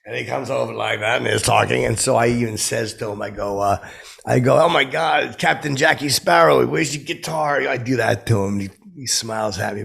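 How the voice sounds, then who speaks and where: A man playing a gravelly, rambling oddball storyteller. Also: lowish voice, full character voice. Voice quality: gravelly, husky voice. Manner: meandering, awkward storytelling with nervous asides. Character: rambling, starstruck oddball man telling celebrity stories. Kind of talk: comedic character podcast monologue.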